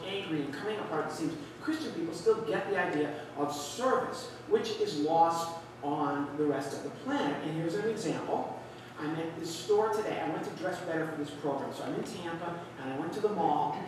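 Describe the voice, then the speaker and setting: A man's voice: a little high, expressive, fairly quick, noisy background. A man telling a stand-up comedy story, acting out the people he describes. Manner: storytelling with quoted voices. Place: large church hall with an audience. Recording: echoey hall recorded from far off.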